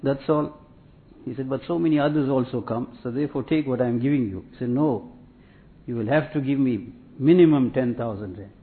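A man giving a sermon in a measured, repetitive preaching cadence, telling anecdotes. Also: medium pitch. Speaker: Islamic preacher. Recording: tinny phone-like audio.

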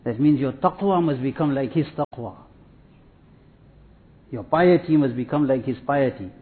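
A man preaches a sermon with a steady, repetitive teaching cadence, his voice at an ordinary middle pitch. The sound is thin and tinny, like it came over a phone line. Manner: measured, repetitive teaching cadence with Arabic and Urdu religious terms. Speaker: Islamic preacher.

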